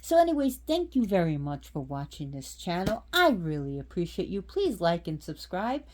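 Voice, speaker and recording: A woman's voice: on the low side, big pitch swings, moderate pace, a little hiss or hum. A woman hosting her own channel, giving a casual, rambling talk about a goddess. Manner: rambling, repeats and restarts phrases. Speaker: channel host.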